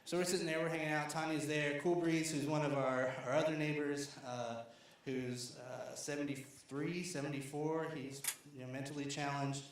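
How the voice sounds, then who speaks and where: A man's voice: a little high, flat delivery, normal speed, hardly any pauses. A man from Arkansas giving a conversational storytelling talk at a lecture series, with fillers and restarts. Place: large lecture hall. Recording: very echoey hall.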